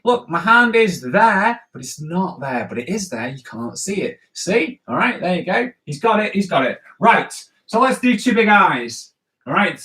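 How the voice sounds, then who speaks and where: A man, slightly high-voiced and very animated in his pitch, leads a live drawing lesson for kids in a jokey, chatty manner. His voice bounces around an echoey room. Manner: playful, chatty, jokey teacher talk with frequent "right?" and "okay?". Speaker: comics artist teaching drawing.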